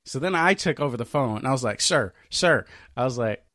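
A man co-hosts a casual podcast and recounts a story with lots of swearing. He acts out the lines of the people in it. His voice sits at an ordinary middle pitch, recorded dry with no room echo. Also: fast. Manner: animated, profane, acts out quoted voices. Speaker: podcast co-host.

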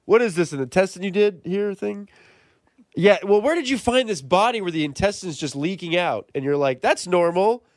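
A man improvising comedy, with loud, exasperated, swearing rants. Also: sits high, animated, fairly quick, no echo, clean studio sound. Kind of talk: improvised comedy sketch and banter.

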